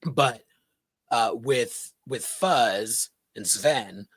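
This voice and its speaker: A man with a mid-range voice talks easily on a podcast, tossing in quick asides as he goes. His voice is close and dry, with no room sound. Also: medium pitch, a bit bright, husky, no echo. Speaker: podcast co-host. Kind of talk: casual chat.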